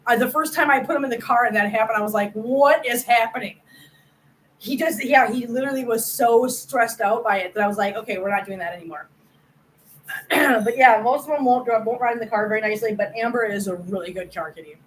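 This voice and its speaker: A woman's voice: fairly high pitch, fast talker, few pauses, rough recording. Chatty, emphatic woman hosting a livestream. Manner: chatty and emphatic, often laughing, talks to viewers by name; repeats herself for emphasis. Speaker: host of a cat channel. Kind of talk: casual livestream chat.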